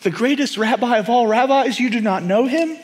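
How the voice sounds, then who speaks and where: A man preaching a sermon, emphatic and repetitive, often dropping to a hushed, intense tone. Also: very high-pitched, normal speed. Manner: emphatic, repeats key phrases, drops to hushed intensity.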